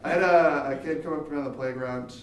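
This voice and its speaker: Young guy doing stand-up, high lively voice, bouncy, roomy theater echo from far off. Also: fast talker, slight background noise. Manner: animated, jumps into high squeaky voices for quoted people. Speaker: stand-up comedian. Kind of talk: stand-up comedy set. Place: theater stage, live audience.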